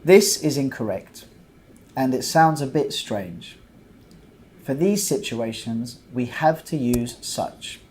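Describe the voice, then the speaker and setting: Slow, deliberate male English teacher. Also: medium pitch, animated, a little mellow, a little hiss or hum. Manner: slow, deliberate, patient explaining with many examples. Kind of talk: scripted grammar lesson.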